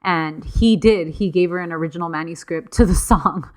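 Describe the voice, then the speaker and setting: A woman with a slightly low voice narrates a story in loose podcast chat. She acts out the quotes in quick, playful voices and keeps the tone casual and conversational. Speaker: podcast co-host.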